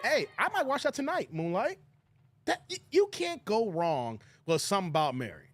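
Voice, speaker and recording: A man's voice: sits high, big pitch swings, normal speed, no room sound. A man hosting a casual live stream, laughing often, thanking viewers and quoting movie lines. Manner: laughs often, shouts out chat donors, quotes movie lines.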